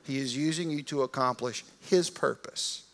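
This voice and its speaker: A man voicing a calm, commanding religious teacher in a sermon, speaking with bold emphasis in slangy modern phrasing. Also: medium pitch, moderate pace, natural voice.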